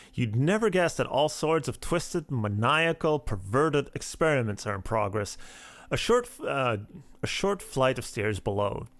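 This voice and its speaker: A man's voice: mid-range voice, no echo. A man hosting a let's play of a text adventure, reading the game's text aloud at an easy pace. He breaks off now and then for wry asides. His voice sits in a mid range, close on a dry microphone.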